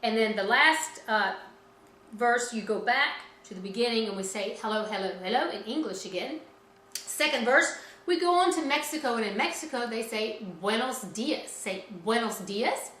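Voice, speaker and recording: Upbeat woman teacher leading kids' music class, highish bright voice, roomy echo. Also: lively intonation, moderate pace, a little hiss or hum. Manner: cheerful, encouraging, speaks to children directly. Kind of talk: children's music lesson.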